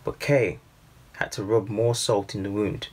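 A man with a fairly low voice reads a storybook aloud at a slow, unhurried pace. He measures each line and gives the characters light voices of their own. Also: level tone, darkish tone, slightly rough. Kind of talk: scripted storybook narration.

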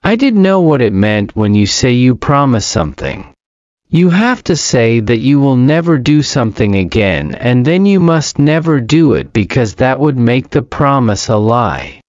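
Very slow, measured male narrator. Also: medium pitch, sing-song, darkish tone, no room sound, dull audio. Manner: measured, plain first-person reading. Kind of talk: slow scripted audiobook narration for English learners.

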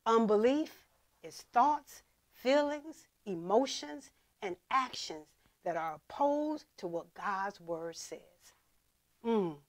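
Woman preaching in church, reads the bible real dramatic, slow and high. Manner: dramatic scripture reading, emphatic and preacherly. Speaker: pastor. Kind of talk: sermon reading scripture.

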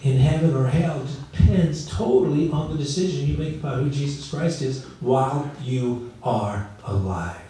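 Middle-aged male pastor, storytelling sermon, dark tone, distant mic in a reverberant room. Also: mid-range voice, moderate pace, few pauses. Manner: conversational storytelling, acts out quoted voices. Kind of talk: sermon with personal stories.

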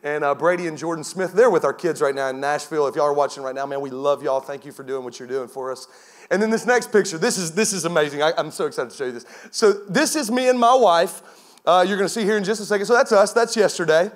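High-pitched guy preaching, telling stories and laughing a lot. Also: fast. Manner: energetic storytelling with laughter. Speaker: guest pastor. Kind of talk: sermon.

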